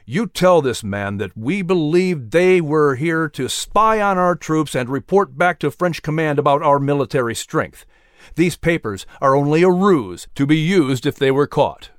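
A man's voice: fairly high pitch, lively intonation, measured pace, clean tone, dry recording, clean studio sound. A man voicing a stern young male colonel who gives firm, clipped orders in a storybook reading.

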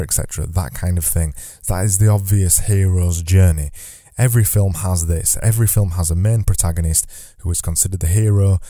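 Deep, dark-voiced male podcast host. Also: no echo, studio quality. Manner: conversational, loose, repeats phrases while thinking. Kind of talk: solo podcast monologue from notes. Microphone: studio microphone.

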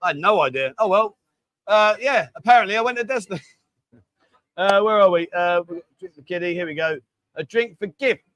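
A man's voice: high voice, moderate pace, long pauses, a bit bright, no echo. A man hosting a casual livestream from a bar, chatting with the staff and reading out viewer comments. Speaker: livestream host.

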